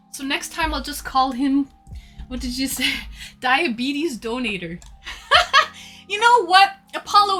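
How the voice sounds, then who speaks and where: A Canadian woman with a Canadian accent, chatting excitably on a live stream as she reads out her chat. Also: high-pitched.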